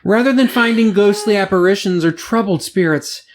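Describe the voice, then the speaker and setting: A man's voice: sits high, normal speed. A man co-hosting a podcast, reading news stories aloud with wry, sarcastic asides and frequent laughter. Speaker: podcast co-host.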